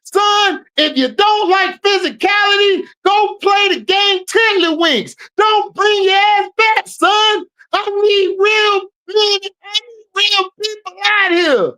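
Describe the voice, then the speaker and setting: A woman putting on a gruff male sports coach who yells at his player. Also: extremely high pitch, takes it slowly, hardly any pauses, pitched above the performer's own voice, exaggerated voice, poor audio. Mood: yelling. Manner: barking, shouting.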